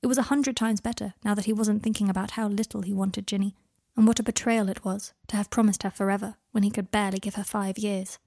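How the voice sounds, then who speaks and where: A woman narrating a fan fiction story aloud in a plain, steady storytelling manner. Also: medium pitch, fast, hardly any pauses.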